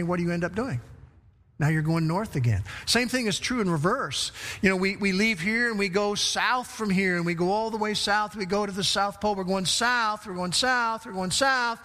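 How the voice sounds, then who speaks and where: A man preaches a sermon, animated and questioning, repeating phrases to drive points home. His voice carries a long reverb from a large church sanctuary. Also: sits high. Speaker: pastor.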